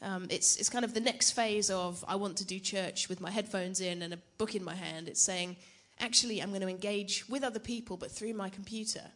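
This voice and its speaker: A young woman gives a church teaching talk in a relaxed, conversational way. She jokes at her own expense and keeps turning questions back to the audience, her voice sitting at an ordinary middle pitch. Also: fairly quick, few pauses. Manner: chatty, self-deprecating, asks the audience questions. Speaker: preacher.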